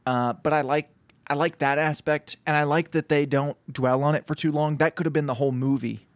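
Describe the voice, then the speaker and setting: A man's voice: fairly high pitch, steady tone, fairly quick, dry recording. Exasperated man ranting in dry sound. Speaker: podcast co-host. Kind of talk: casual movie review chat.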